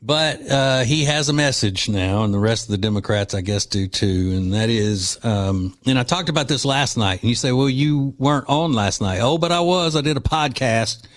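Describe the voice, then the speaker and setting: A man's voice: medium pitch, moderate pace, hardly any pauses, a bit bright. A man hosting a talk radio show, delivering an opinionated, combative monologue with mocking asides.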